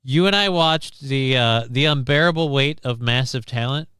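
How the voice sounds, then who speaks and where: A man's voice: medium pitch, moderate pace, a bit bright, clear, resonant tone, no room sound, clean studio sound. A man hosting a casual livestream chat, rambling and often repeating and restarting his words. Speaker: streamer host.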